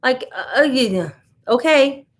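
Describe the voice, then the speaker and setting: A woman's voice: high voice, lively intonation, takes it slowly. An American woman hosting a casual live stream, chatting loosely and reacting to viewer comments as she goes. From United States. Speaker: livestream host.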